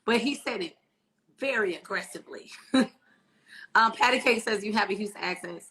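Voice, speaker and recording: With a sharp, mid-range voice at normal speed and a little hiss or hum in the audio, a woman teases her co-host and reads viewer comments on a casual live stream. Her humor is brash and profane, and she swears freely. She was born in Spain and raised in Florida and Texas.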